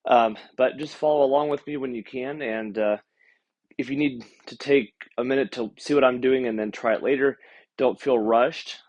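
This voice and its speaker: A man's voice: medium pitch, fairly even intonation, moderate pace, darkish tone. A man leading a seated stretching class online, calling out steps and counting reps with encouragement. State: out of breath. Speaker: exercise instructor. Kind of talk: live-streamed seated exercise class.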